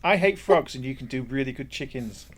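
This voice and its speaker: A man's voice: medium pitch, animated, fairly quick, husky. A man co-hosting a podcast, reacting dryly and teasing his partner, sometimes stumbling over words. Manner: teasing, dry reactions, stammering restarts. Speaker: podcast co-host. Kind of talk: casual chat.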